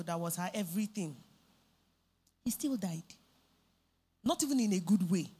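A woman's voice: medium pitch, breathy edge. Lady preaching, punchy and repetitive, hammering each point home. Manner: emphatic, repeats phrases for stress. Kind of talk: sermon.

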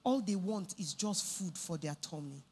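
A woman's voice: lowish voice, normal speed, mellow, breathy edge. Female preacher, emphatic sermon delivery with repeated phrases.

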